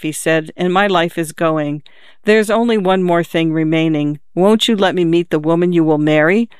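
A woman reading short stories aloud for a radio program, in a measured, even manner with quiet voices for the dialogue. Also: lowish voice, clear, resonant tone, no echo, clean studio sound. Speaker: radio story reader. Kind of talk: scripted narration of short stories.

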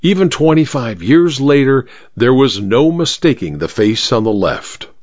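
Expressive male mystery-story narrator. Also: medium pitch, normal speed, no echo, highs cut off. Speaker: host and story reader.

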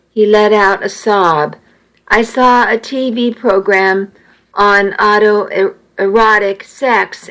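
Slow, measured female audiobook narrator. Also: medium pitch, a bit bright, rough recording. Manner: measured, intimate first-person storytelling. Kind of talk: first-person audiobook narration.

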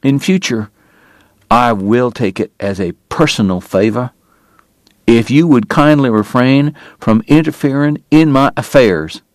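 A man's voice: mid-range voice, a little slow, no room sound, studio quality, voice pushed up, natural voice. A man voicing a bitter, ailing frontier dentist who speaks in a formal, biting and strained way. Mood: angry. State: sick, coughing.

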